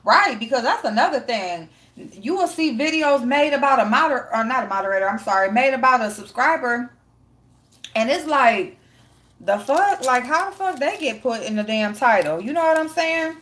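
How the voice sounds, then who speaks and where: A woman's voice: sits high, lively intonation, normal speed, a bit bright. A woman hosting a casual live stream, reading chat and greeting viewers by name, blunt and profane with frequent laughter.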